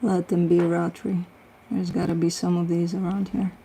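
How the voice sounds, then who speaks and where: This is a middle-aged woman with a low, gravelly voice, hosting a casual tarot livestream. She chats with her viewers in a blunt, easygoing way, swears freely and laughs often. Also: little pitch movement, normal speed, mellow, slight background noise, rough recording. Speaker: tarot reader and livestream host. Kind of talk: casual livestream chat, answering viewer comments.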